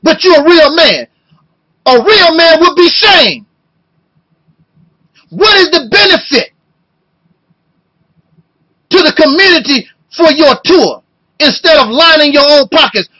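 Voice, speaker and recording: Man in his fifties, high-pitched, loud emotional rant, rapid rhetorical questions. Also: sing-song, poor audio. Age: 50s. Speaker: video blogger. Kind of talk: impassioned video rant.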